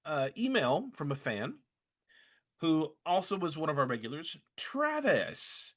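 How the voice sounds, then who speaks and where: A male podcast host reads fan emails aloud to his co-hosts. His voice swings up and down with lively intonation, and he stumbles and restarts often as he goes. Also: fairly high pitch. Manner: lively, halting with restarts and fillers.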